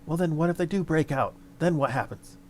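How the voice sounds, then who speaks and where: A man doing nervous hoarse townsmen. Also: a little high, a little fast, darkish tone, a little hiss or hum, pitched above the performer's own voice, lightly acted.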